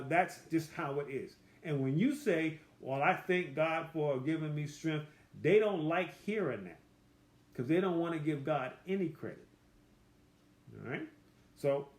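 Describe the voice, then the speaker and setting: A man leads a conversational Bible study in a fairly high voice. He reads each verse slowly and with weight, then unpacks it in plain, folksy talk. The sound is echoey, as if he is in a bare room. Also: darkish tone. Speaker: Bible teacher.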